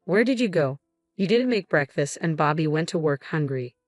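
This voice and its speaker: An entitled sister-in-law who nags and gloats, voiced by a woman reading the story. The low voice sits dry and close, with faint music underneath. She sounds demanding and self-satisfied. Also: animated, moderate pace, no room sound. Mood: accusing. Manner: demanding, smug.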